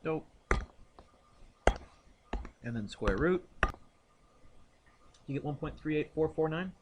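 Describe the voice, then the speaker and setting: A male physics teacher working through a momentum problem aloud in class, thinking out loud and quizzing students by name. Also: a little high, animated, slow pace, noisy background.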